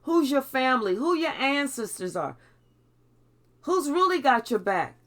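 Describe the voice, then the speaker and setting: A woman's voice: high voice, sing-song, unhurried, a bit bright. A woman giving a spiritual tarot reading in a blunt way, swearing freely. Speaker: tarot reader.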